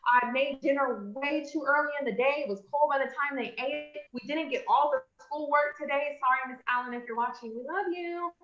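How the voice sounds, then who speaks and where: A woman giving an encouraging motivational talk on a call and addressing her listeners as friends. She swings between loud emphatic bursts and low, confiding asides. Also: fairly quick, few pauses, roomy sound, lo-fi sound, faint music behind. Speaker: motivational speaker, business coach. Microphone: call audio.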